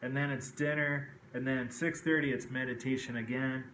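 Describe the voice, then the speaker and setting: A man's voice: medium pitch, steady tone, normal speed, fairly bright tone, slight background noise. Rambling man in an echoey room. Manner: rambling, frequent "okay" and "kinda like". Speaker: vlogger. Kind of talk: casual personal talk to camera. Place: indoors at home. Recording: echoey room with faint ambience.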